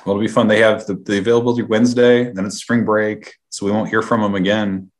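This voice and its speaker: Casting: young male podcast co-host, lowish voice, easygoing sports chat. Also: level tone, quick pace. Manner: easygoing, hedging with fillers.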